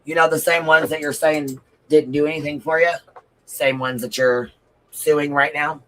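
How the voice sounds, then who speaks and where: A man's voice: a little high, fairly even intonation, moderate pace, bright, forceful tone, a little hiss or hum, poor audio. A man giving blunt, profane livestream commentary, reading out viewer comments and repeating his points for emphasis.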